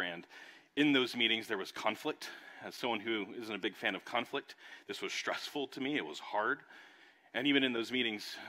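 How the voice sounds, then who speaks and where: Bright-voiced man telling a story from the pulpit. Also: lowish voice. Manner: animated storytelling, acts out voices. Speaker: pastor. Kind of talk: sermon storytelling. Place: church service.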